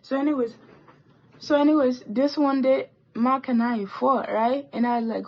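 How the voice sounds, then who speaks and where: A teenage girl telling a rambling, animated story while doing her makeup, with swearing and asides. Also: high-pitched, moderate pace, dull audio. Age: teens. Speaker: vlogger. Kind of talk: chatty get-ready-with-me story time.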